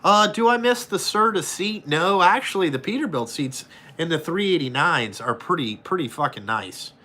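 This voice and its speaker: A bright, forceful male voice, talking a little higher than most men. He chats with viewers as a trucker, blunt and full of swearing. He acts out his phone calls. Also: normal speed. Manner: profane, blunt and animated. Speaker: truck driver vlogger. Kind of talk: casual chat answering viewers.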